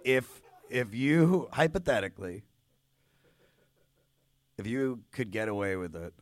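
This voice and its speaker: A man's voice: medium pitch, expressive, a little slow. Man hosting a live music podcast. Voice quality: reads background notes, asks playful questions. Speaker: podcast host. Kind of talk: conversational album discussion. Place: live podcast taping on stage.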